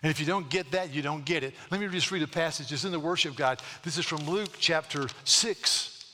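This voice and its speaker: A middle-aged male pastor with a bright, forceful, fairly high voice preaches an earnest sermon. He slows down on key lines and doubles his words as he goes. Long reverb from the church hall trails after each phrase. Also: a little hiss or hum. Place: church sanctuary.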